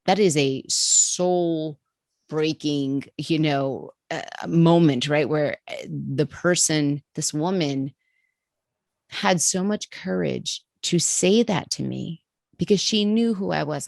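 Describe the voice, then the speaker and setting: Low gravelly woman telling her story. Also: no room sound, studio quality. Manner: vivid, animated storytelling with acted quotes. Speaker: podcast guest. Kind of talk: storytelling in an interview.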